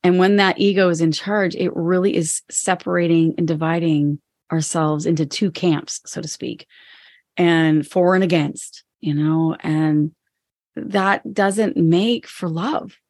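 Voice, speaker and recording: A woman's voice: on the low side, fairly even intonation, unhurried, darkish tone, dry recording. A woman co-hosting a podcast conversation, speaking candidly and reflectively, sometimes acting out her own inner voice. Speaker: podcast co-host and business owner.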